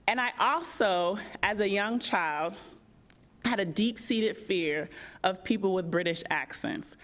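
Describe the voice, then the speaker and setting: A woman's voice: mid-range voice, slow, a bit bright. An American woman, a workshop facilitator, speaking on a panel in an engaging, conversational way and asking the audience questions. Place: event hall.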